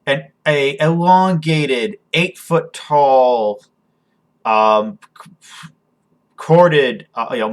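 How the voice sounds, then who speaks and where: A man narrating as game master of a tabletop game, halting with frequent ums and restarts. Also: medium pitch.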